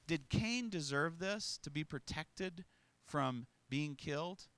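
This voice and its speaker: Male preacher, fairly high and tense, dry close sound, emphatic sermon with rhetorical questions. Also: lively intonation, slow pace, a bit bright, no room sound. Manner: emphatic, rhetorical questions, chuckles between points.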